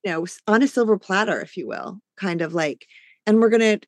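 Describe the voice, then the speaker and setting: A woman's voice: medium pitch, brisk, no echo. A woman in a mid-range voice hosts a casual interview. She is effusive and supportive and jumps in eagerly to react. The sound is dry and close-miked. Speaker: podcast host.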